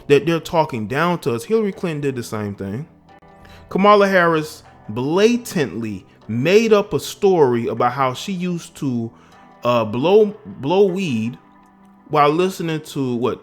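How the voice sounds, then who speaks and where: A man's voice: fairly high pitch, very animated, measured pace, faint music behind. A man from the American South giving emphatic, indignant political commentary on his own vlog, often restarting his phrases.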